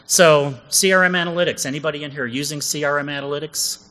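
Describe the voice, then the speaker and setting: A man's voice: fairly high pitch, fairly even intonation, fast, pushed and bright, poor audio. A man co-presenting a comedic conference session, chatty and jokey, often asking the audience questions.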